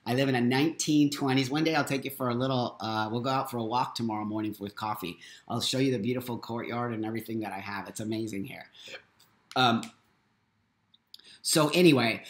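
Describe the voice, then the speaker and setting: A man's voice: medium pitch, brisk. Blunt, profane middle-aged man, roomy echo. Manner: blunt, profane and emphatic, repeats lines for force; boisterous. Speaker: host of a live morning talk stream. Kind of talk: unscripted live monologue. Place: his home.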